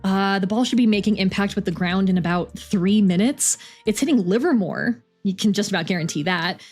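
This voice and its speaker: Woman doing a bossy middle-aged female coach, brisk, commanding, mid-pitched. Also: darkish tone, soft background music, natural voice.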